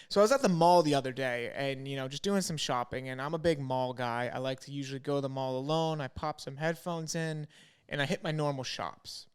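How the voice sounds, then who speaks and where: A man's voice: mid-range voice, normal speed, clear, resonant tone. A young man co-hosting a casual podcast, telling a long joke story with acted-out quotes and plenty of swearing. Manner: animated storyteller, acts out voices, swears. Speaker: podcast co-host.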